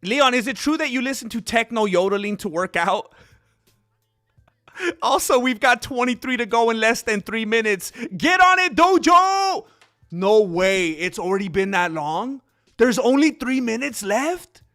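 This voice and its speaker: A man hosting a live stream, rambling casually to viewers and calling the fight with excitable outbursts. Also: high voice, moderate pace, faint music behind. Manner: rambling, talkative, addresses viewers as bro; excitable, loud bursts when reacting.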